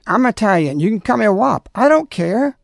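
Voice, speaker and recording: A man's voice: high voice, sing-song, brisk, creaky, dry recording, studio quality. A man appearing as a guest on a talk radio show, speaking indignantly and moralizing in long, rambling turns. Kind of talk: opinionated talk radio conversation.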